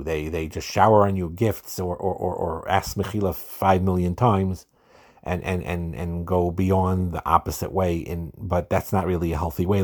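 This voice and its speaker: Low-pitched male podcast host, earnest and unscripted, repeats as he goes. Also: a little mellow. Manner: earnest, repeats words when starting a thought. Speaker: podcast host giving marriage advice. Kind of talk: solo podcast talk.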